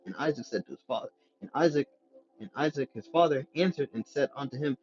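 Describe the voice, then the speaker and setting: A man's voice: mid-range voice, darkish tone, faint music behind. Man reading and preaching scripture, lo-fi. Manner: reads slowly with stumbles, then breaks into slangy commentary. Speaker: scripture teacher.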